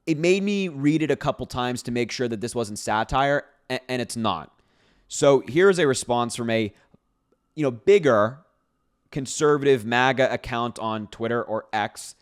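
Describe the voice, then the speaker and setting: A man talks straight to the camera in a casual commentary, his voice sitting at an ordinary middle pitch. He sounds sarcastic and incredulous as he reacts to posts, and short laughs break up his points. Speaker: political commentator.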